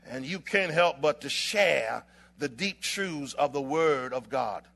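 A man preaching a sermon with impassioned delivery, building to shouts and holding dramatic pauses in rhythmic, alliterative phrases. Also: fairly high pitch, expressive, gravelly.

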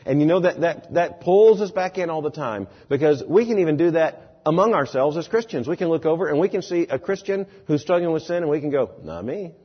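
A man preaching a sermon, expressive, dropping low and soft, then rising loud and emphatic. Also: brisk, few pauses, husky, lo-fi sound.

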